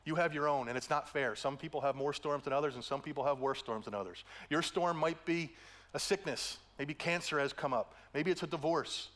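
A male pastor preaching a conversational sermon, often asking "right?" and swinging between raised emphasis and quiet, intimate asides. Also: a little high, a little fast. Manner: conversational preaching with tag questions, swings between loud and hushed.

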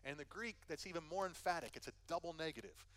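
A man teaching a sermon in a relaxed, conversational way, with a slightly high voice. He is earnest and explains as he goes, often restarting a phrase and tossing in a quick "right?" to his listeners. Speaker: pastor.

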